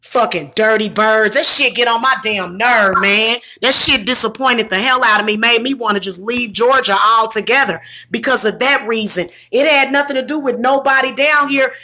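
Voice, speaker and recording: A woman venting angrily in a profane vlog rant, with bursts of shouting. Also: a little high. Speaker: vlogger. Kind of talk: angry ranting vlog.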